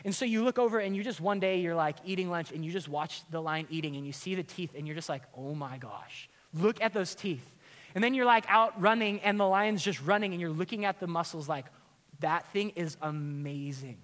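A man preaching a sermon as a pastor, casual and animated, with many fillers and restarts. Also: sits high, fast, few pauses, big-room sound.

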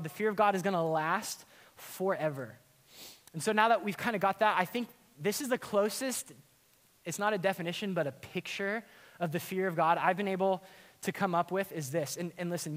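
A man preaching a sermon as a pastor, casual and animated, with many fillers and restarts. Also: high-pitched, long reverb tail.

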